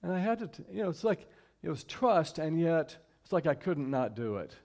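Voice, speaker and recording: A man from Houston speaking to a church congregation in a conversational sermon, repeating key lines slowly and inviting the audience to join in. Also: fairly high pitch, big pitch swings, a little mellow. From Houston, Texas. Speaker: guest speaker and singer at a church service. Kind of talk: inspirational sermon talk. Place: church sanctuary, live stream.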